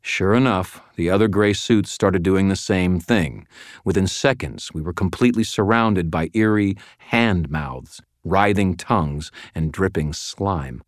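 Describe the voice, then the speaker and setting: Deep-voiced man narrating a story. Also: a little slow, no room sound. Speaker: audiobook narrator. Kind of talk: scripted first-person narration. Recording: dry close studio mic.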